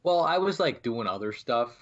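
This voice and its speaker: A man's voice: mid-range voice, sing-song, normal speed, highs cut off. A man co-hosting a podcast, chatting casually and acting out his phone calls as he tells a story. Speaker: podcast co-host. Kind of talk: casual chat.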